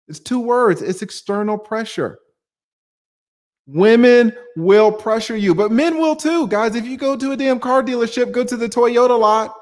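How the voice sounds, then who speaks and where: Male stream host, high pitched, punchy rhetorical delivery, reads and answers chat. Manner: emphatic, rhetorical questions, casual swearing. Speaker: channel host answering viewer comments. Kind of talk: livestream commentary.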